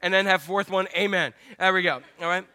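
A man's voice: sits high, steady tone, brisk, bright, forceful tone. An older man preaching a sermon, joking and putting questions straight to his congregation. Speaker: pastor.

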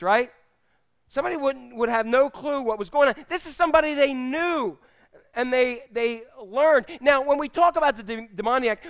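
Animated high-voiced male preacher. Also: clean tone. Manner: conversational, animated, addresses the congregation directly. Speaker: pastor. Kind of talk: sermon. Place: church.

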